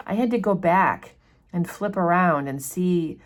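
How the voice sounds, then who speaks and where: A woman's voice: on the low side, measured pace. A woman talking casually through a novel chapter as a teacher, reading passages aloud between chatty remarks full of "like" and "you know". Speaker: literature teacher discussing a novel. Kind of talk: casual book discussion with read-aloud passages.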